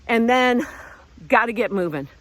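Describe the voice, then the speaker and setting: Slightly out of breath as she hikes around a lake, a middle-aged vlog host and self-help speaker talks in an encouraging, conversational way. Her voice is a little high, with lively intonation and a measured pace.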